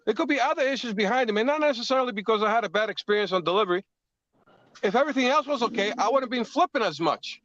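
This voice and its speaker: A man's voice: extremely high pitch, animated, fast, fairly bright tone, a little hiss or hum. An older man arguing defensively in a livestream, insisting on his point and repeating phrases. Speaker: guest streamer. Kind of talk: heated casual debate. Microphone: video call. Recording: dry, muffled lo-fi call audio.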